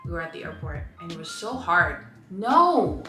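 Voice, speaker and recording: A woman's voice: on the low side, sing-song, normal speed, sharp tone, roomy sound, faint music behind. A talkative young woman from Hawaii, chatting casually with her husband on camera and laughing often. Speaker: vlogger answering couple questions. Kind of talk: casual chat.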